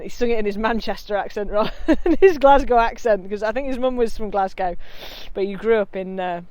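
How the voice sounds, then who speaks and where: A woman's voice: medium pitch, fairly quick, no room sound. Chatty woman leading a singing group outdoors. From Derbyshire, England. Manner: chatty and warm-hearted, with frequent restarts. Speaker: community singing leader. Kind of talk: casual song teaching to camera. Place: outdoors on a hillside, a little windy.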